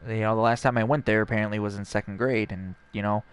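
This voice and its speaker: Young male streamer, lowish smooth voice, casual rambling storyteller. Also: steady tone, fast. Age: young adult. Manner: rambling, acts out dialogue.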